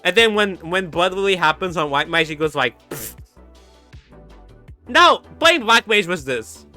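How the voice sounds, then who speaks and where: A man streaming in a casual chat, animated and giggly, breaking into sound effects. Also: high-pitched, normal speed, soft background music.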